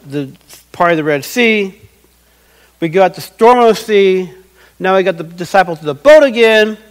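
A man's voice: high-pitched, poor audio. A middle-aged man preaching a sermon as pastor, earnest and acting out quoted voices.

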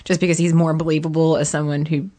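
A woman's voice: sits low, flat delivery, quick pace, warm tone. A woman co-hosting a casual movie podcast, blunt and dryly funny. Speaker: podcast co-host. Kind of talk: casual movie-review chat.

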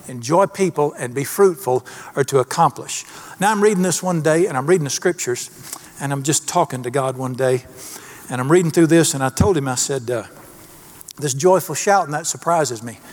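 A middle-aged man preaching a sermon in a folksy, emphatic way, asking the congregation questions. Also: on the high side. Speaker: pastor.

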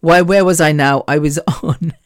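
A woman's voice: low voice, fairly even intonation, normal speed, no room sound, clean studio sound. A woman hosting a solo podcast, telling rambling, scatterbrained stories in a chatty way. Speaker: podcast host.

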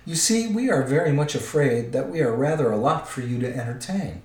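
A man's voice: mid-range voice, animated, a little fast, lightly acted. A man voicing a polite, crafty old male wizard, coaxing and careful, in a roomy recording. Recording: roomy echo.

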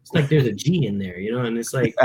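A man's voice: medium pitch, lively intonation, fast, a little mellow. A young man from New Jersey, a musician guest chatting casually on a podcast, telling stories in a rambling way full of fillers. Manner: rambling, filler-heavy storytelling.

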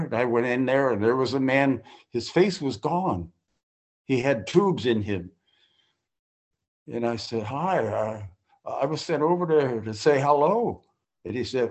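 A man's voice: medium pitch, lively intonation, a little slow, a little mellow, husky. An older man sharing his personal recovery story at a group meeting, folksy and full of restarts and acted-out quotes.

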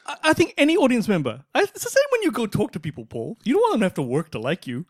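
A man co-hosting a film review podcast in casual chat, opinionated and animated, laughing often. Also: high-pitched, very fast, no room sound, clean studio sound.

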